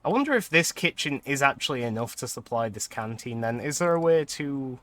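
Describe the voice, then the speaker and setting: A man's voice: medium pitch, very animated, a little fast, bright, forceful tone. A young man casually chatting and laughing often while commenting on a game he is playing on stream.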